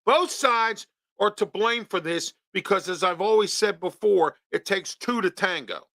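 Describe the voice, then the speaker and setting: Bright-voiced ranting talk show host, a man. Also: sits high, expressive, measured pace, vocal fry, no room sound. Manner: ranting, rhetorical questions, repeats himself. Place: studio.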